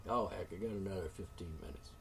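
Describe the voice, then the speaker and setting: A man's voice: low-pitched, quick pace, vocal fry, a bit bright, far from the mic, a little hiss or hum. Indignant, profane man ranting on his show. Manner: indignant, profane, with sighs and sarcastic asides. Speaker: show host. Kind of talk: solo talk show rant.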